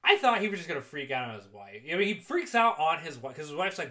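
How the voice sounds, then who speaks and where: A man's voice: a little high, quick pace. A man casually recapping a movie with a co-host, swearing a lot and acting out the characters' lines. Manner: excitable, profane, acts out quotes. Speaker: podcast co-host.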